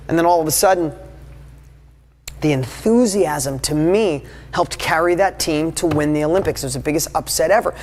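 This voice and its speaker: A man in his fifties giving a live motivational talk to an audience, speaking in an enthusiastic, emphatic and conversational way. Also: sits high. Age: 50s. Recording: long hall reverb.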